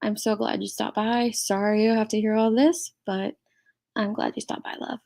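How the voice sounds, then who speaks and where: A woman's voice: mid-range voice, flat delivery, normal speed, creaky, dark tone. A middle-aged woman hosting a livestream, reacting to a clip with indignant commentary and thanking chat members. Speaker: commentary channel host.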